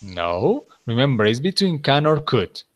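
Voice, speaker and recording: A man's voice: mid-range voice, very animated, unhurried. A man teaching an English class, patiently repeating answers and praising his students.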